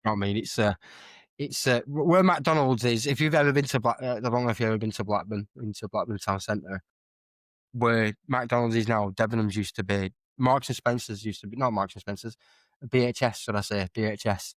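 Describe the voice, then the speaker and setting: A man's voice: on the low side, a little fast, dry recording. A young man, chatting casually as a podcast guest and telling rambling, self-correcting stories. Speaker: guest streamer and musician.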